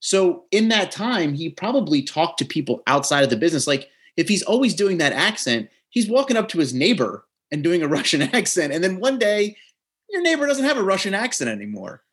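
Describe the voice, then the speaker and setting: A man from New Jersey co-hosts a casual podcast, and his pitch swings widely as he tells playful stories. His voice has a husky, slightly rough edge. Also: a little fast. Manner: playful, animated storytelling with laughs. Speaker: podcast co-host.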